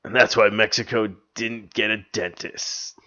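A man's voice: on the low side, steady tone, a little slow, bright, forceful tone. A man co-hosting a podcast in casual comedic chat, joking and laughing often and swearing freely, recorded with dull lo-fi sound. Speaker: podcast co-host.

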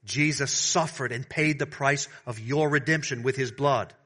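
A male pastor preaching a sermon, alternating between fervent, raised declarations and soft, hushed appeals to his congregation. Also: medium pitch, moderate pace. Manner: swings from loud preaching to hushed tenderness; addresses the congregation as beloved.

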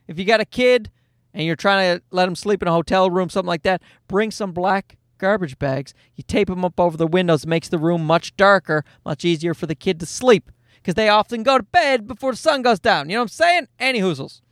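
A man's voice: high voice, brisk, a bit bright, no echo, clean studio sound. A man in his thirties hosting a casual solo podcast, telling a story in a profane, self-mocking way. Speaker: podcast host.

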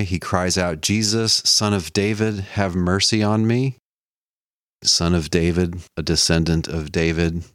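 A man with a low, deep voice lectures in an easy, conversational way. He walks the listener through a text and lifts his voice for quoted lines. The sound is close and dry, with no room around it. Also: no echo. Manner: conversational teaching, quoting scripture with a lifted voice. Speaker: lecturer on the Bible. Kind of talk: explanatory lecture.

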